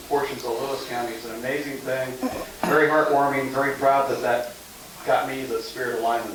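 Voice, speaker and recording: Man, club member, chatty, far from the mic. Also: mid-range voice. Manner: chatty, anecdotal. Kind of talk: telling personal news at a meeting. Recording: echoey hall from far off, crowd.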